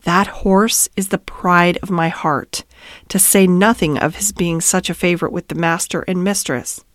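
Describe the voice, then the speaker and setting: A woman voicing an earnest male head groom who is devoted to his horse, speaking slowly and heavily, then with indignation, in a bedtime storybook reading. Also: fairly low pitch, steady tone, no echo, clean studio sound, close to an everyday voice. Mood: sorrowful. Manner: slow and heavy, rising to indignant outrage. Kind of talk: storybook read-aloud.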